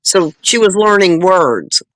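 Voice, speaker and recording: Slow-talking Southern woman. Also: on the low side, expressive, no echo, rough recording. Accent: Southern American. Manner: drawn-out, unhurried, chuckles between remarks. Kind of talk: casual panel chat.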